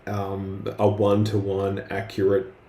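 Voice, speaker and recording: A man drawing on a live art stream speaks slowly with a lowish, warm voice and a completely flat delivery. His casual chat stumbles along with fillers and restarts, captured in a roomy recording with faint background noise.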